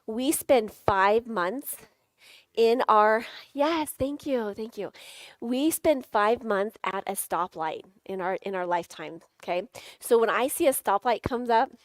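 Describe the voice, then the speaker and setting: A middle-aged woman leads a live sales workshop, her voice sitting a touch high as she coaches the audience step by step. She keeps it playful, tossing in jokey asides and laughing often. The sound is close and dry. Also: a little slow, no echo. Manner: playful, coaching, guides audience through tapping exercises.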